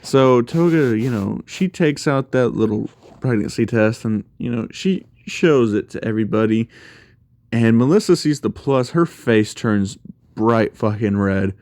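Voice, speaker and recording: A man's voice: mid-range voice, measured pace, a little mellow, no room sound, studio quality. Rambling man telling a story. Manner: rambling, many fillers. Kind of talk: casual spoken fan story.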